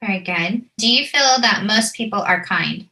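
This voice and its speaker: A woman's voice: mid-range voice, lively intonation, normal speed, bright, forceful tone. A woman interviewing a guest in a casual chat, agreeable and giving frequent short replies.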